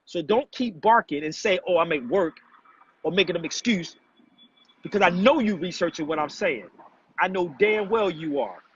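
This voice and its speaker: Male streamer, high pitch, confrontational and preachy, dull lo-fi sound. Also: expressive, moderate pace, breathy edge. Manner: preachy, confrontational, addresses chat as family. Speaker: livestream host. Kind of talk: casual livestream talk to viewers. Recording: dull, muffled lo-fi livestream audio.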